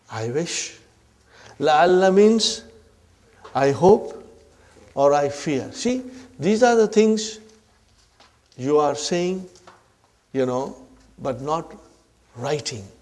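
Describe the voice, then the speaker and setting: Speaking at a leisurely pace in a somewhat high, darkish voice, a man teaches Arabic grammar and calls his listeners brothers and sisters. He goes over each point more than once and keeps checking in with "huh?" and "are you with me" to see whether the class is following.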